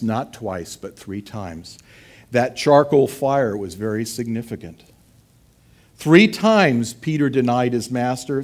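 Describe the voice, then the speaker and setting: A middle-aged male pastor giving an animated, conversational sermon. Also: mid-range voice. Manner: animated, conversational preaching, acts out quotes.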